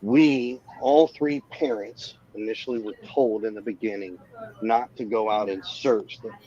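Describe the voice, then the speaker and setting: A man, a parent of a missing child, answering interview questions in a measured, defensive way with emphatic yeses. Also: fairly low pitch, steady tone, mellow, dull audio.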